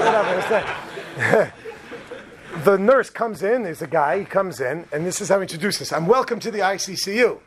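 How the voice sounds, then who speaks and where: Man, slightly high voice, lively comic storyteller who jumps into other people's voices; faint background noise. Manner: animated, acts out other people's lines.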